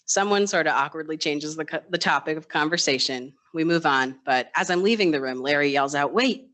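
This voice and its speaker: A nurse tells a personal story to a live audience with a bright, crisp voice. The delivery is casual and conversational, with wry self-deprecating humor. Now and then the speaker slips into the voices of coworkers and patients. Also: mid-range voice, brisk. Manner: acts out quoted voices of others. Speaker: ICU nurse. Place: live storytelling stage event.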